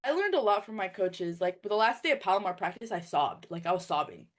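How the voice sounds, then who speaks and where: A young woman, a former college wrestler turned coach, telling stories in casual conversation with lots of "like" and acted-out quotes. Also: medium pitch. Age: young adult. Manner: fast, filler-heavy, animated storytelling with quoted dialogue.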